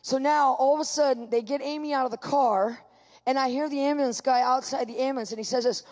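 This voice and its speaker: A woman preaching, telling her own story to a congregation with lively, acted-out quotes. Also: high-pitched, fast, big-room sound. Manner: animated storytelling, acting out quotes. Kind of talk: testimony sermon to a live audience.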